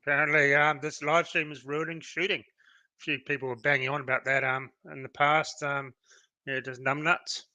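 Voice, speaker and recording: An Australian man co-hosts a relaxed live-stream chat, blunt and jokey and quick to curse. His voice sits a little above the usual male range and has a very bright, sharp, forceful edge. The sound is dry and close, with no room around it. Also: on the high side, no echo. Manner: blunt, joking, swears, laughs easily. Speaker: co-host.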